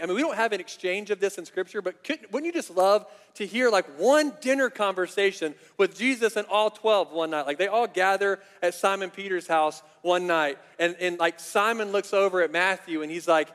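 A man preaching a sermon as pastor, animated and conversational, with frequent fillers. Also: high voice, a little fast, few pauses. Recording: long reverb of a large hall.

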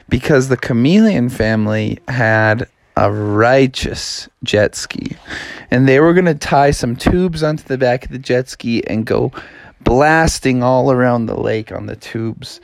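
A man's voice: medium pitch, a little slow, creaky, no echo. A man narrating a read-along children's story in a casual, playful way.

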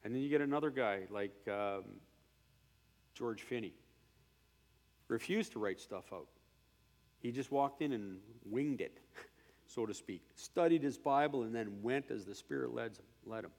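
A man preaching a sermon in a conversational way, often asking "right?", who swings between loud declarations and quiet asides. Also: mid-range voice, a little slow, long pauses, big-room sound. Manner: conversational, with fillers and tag questions.

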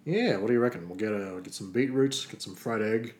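Laid-back Australian man, lowish voice. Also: fairly quick, a little mellow, roomy sound. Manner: laid-back, swears, laughs often. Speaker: podcast co-host. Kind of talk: casual comedy podcast banter.

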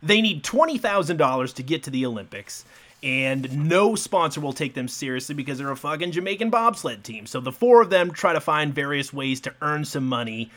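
Male podcast co-host, casual, laid-back, loose swearing, frequent laughs, slightly higher voice. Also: expressive, a little fast, a bit bright. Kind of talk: casual movie recap chat.

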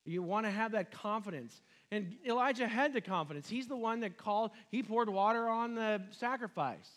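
A man's voice: sits high, normal speed, a bit bright. A man preaching a sermon, retelling a Bible story in casual words, asking his listeners questions and acting out the quoted lines. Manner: retells scripture conversationally, asks the listeners questions; acts out quoted lines with dropping and rising voice. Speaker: pastor.

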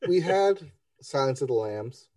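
A man co-hosting a TV review podcast, talking in a relaxed, offhand way. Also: medium pitch, unhurried, no echo, recorded from a distance. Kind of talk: casual chat.

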